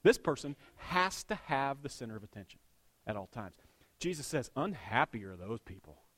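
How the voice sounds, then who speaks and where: A middle-aged man preaching a sermon, swinging between loud bursts and hushed asides, with a dad's jokes about his daughter. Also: mid-range voice, big pitch swings, moderate pace. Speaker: pastor.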